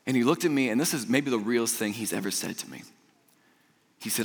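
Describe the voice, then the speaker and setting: A young man preaching a casual, storytelling sermon as a youth pastor, chatty and animated, laughing often and stumbling over repeated words. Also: medium pitch, fast talker, long pauses, slightly rough. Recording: long hall reverb.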